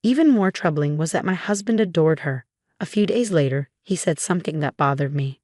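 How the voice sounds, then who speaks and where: The narrator's slightly low voice stays calm and steady as she tells a first-person family drama at a fairly quick clip. It's recorded close up, completely dry, with no room sound.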